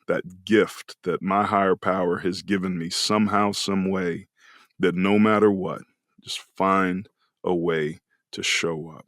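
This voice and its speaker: Speaking in a voice that sits low, this Californian podcast guest in his forties, once a football player, shares something personal with earnest, emotional reflection. The audio is clean studio quality without any room sound, and the exchange is a relaxed storytelling chat.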